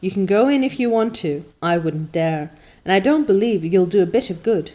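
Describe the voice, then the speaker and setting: A loyal, spirited young girl, as a woman reads her, speaking frankly with a touch of scorn. The voice stays near the reader's own, at a middle pitch, in a storybook reading. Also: animated, normal speed, mellow, natural voice. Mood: doubtful. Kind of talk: audiobook character voice.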